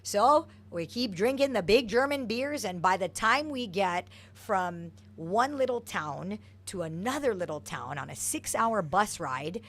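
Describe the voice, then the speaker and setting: In this interview, a middle-aged Hawaiian soccer coach tells lively, energetic stories about her past. She has a medium-pitched voice and an unhurried delivery with few pauses.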